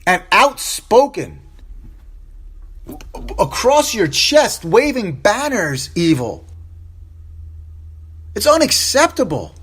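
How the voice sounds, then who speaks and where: A man's voice: high-pitched, huge pitch swings, slow, long pauses, a bit bright, slightly rough. A man hosting a solo opinion podcast, upset and impassioned, repeating phrases for emphasis and stumbling over restarts. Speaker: podcast host.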